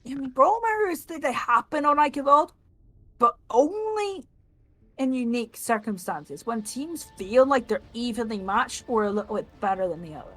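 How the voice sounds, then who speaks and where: A young female esports analyst breaks down strategy, thinking out loud and restarting her sentences as she goes. Her voice is a touch high. Soft game music sits underneath. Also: very animated, moderate pace. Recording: faint game music behind.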